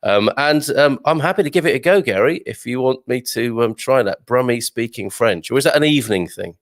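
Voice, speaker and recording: A man's voice: mid-range voice, animated, a little fast. A man from Birmingham, England, hosting a casual news chat for expats and reading out viewer comments with wry, exclamatory asides. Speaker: host of an expat news show.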